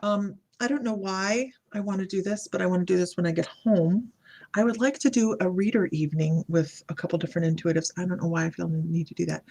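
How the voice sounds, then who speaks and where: A woman doing a live psychic reading, speaking in a halting, meandering way and greeting viewers by name as she reads their comments. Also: fairly low pitch, fairly even intonation, dark tone. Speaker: psychic medium.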